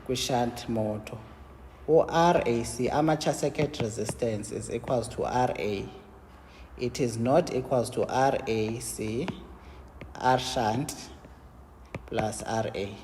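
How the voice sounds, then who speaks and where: Slow Xhosa-accented man teaching engineering. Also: medium pitch, darkish tone, in a large hall, slight background noise. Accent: South African, Xhosa. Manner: explains step by step, asks and answers his own questions with checks like "yabo?". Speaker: engineering lecturer. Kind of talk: classroom lesson, switching English and Xhosa.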